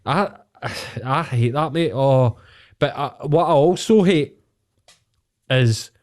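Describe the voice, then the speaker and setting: A man's voice: mid-range voice, takes it slowly. A Scottish man ranting heatedly on a podcast, swearing freely in casual chat. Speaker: podcast co-host.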